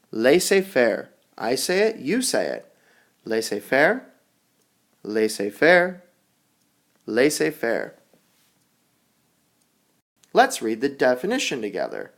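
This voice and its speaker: A man teaching English vocabulary, leading a call-and-repeat drill with slow, exaggerated enunciation. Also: mid-range voice. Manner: animated, sing-song teacher delivery. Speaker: ESL teacher.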